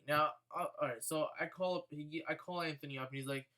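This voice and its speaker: Young male vlogger, bright and slightly high voice, profane casual storytelling. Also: fast, hardly any pauses.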